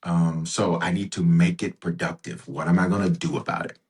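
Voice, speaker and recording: A deep-voiced man speaks as a podcast guest, telling stories with real emphasis. He repeats phrases to drive his points home, and his voice jumps up in pitch when he stresses something. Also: steady tone, brisk, darkish tone. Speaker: bishop and guest. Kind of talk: conversational storytelling.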